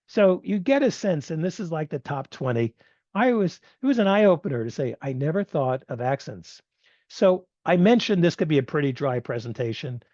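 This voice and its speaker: A man's voice: on the high side, sing-song, moderate pace, mellow, dry recording, muffled recording. A man giving a conversational online presentation with some fillers. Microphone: video call.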